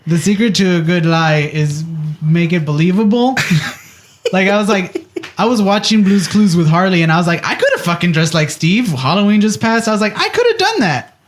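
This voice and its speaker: A man's voice: high voice, fairly quick, a little hiss or hum. A man co-hosting a podcast, telling a story in casual chat and acting out the quotes with animation. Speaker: podcast co-host.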